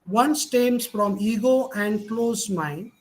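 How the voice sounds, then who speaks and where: Taking it slowly in a voice that sits high, a middle-aged Indian English-accented man gives college students a motivational lecture. He speaks emphatically, varying his tone to demonstrate stress, and the audio is poor.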